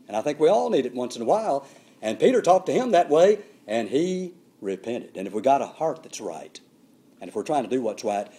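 Male preacher, lively pitch, emphatic, swings between booming and hushed delivery. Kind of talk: sermon.

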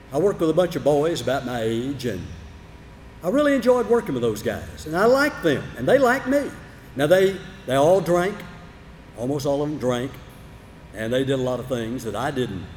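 Animated older male preacher. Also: slight background noise. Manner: animated, emphatic preaching with big swings in pitch and volume. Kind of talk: sermon. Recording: reverberant hall, faint room ambience.

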